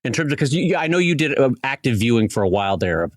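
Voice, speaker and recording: A man's voice: medium pitch, very animated, dry recording, clean studio sound. A man co-hosting a podcast, chatting casually and prompting his partner with questions. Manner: easygoing, prompting with quick questions. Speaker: podcast co-host.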